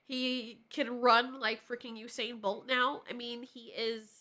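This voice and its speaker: A woman casually analyzing a movie trailer, excitable and jokey with a bit of swearing, her nose stuffy. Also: on the high side, unhurried. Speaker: trailer reviewer.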